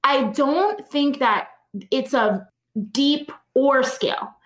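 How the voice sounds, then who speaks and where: Female interview guest, lively and laughing storyteller, high-pitched, recorded in a roomy space. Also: takes it slowly. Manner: animated, laughs often while telling stories. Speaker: guest, organizer. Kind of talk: conversational storytelling.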